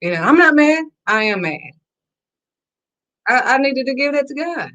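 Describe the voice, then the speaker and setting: A bright, clear-toned woman speaking in an emphatic, preachy talk to camera. She is sassy and direct, and repeats her lines for effect. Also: high voice, big pitch swings, normal speed. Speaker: faith vlogger.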